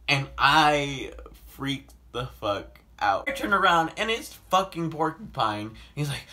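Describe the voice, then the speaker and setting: A young man telling a personal story in a casual vlog. He talks animatedly, swears a lot, fills his speech with "like", and breaks into sudden loud outbursts. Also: fairly high pitch, gravelly. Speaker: vlogger.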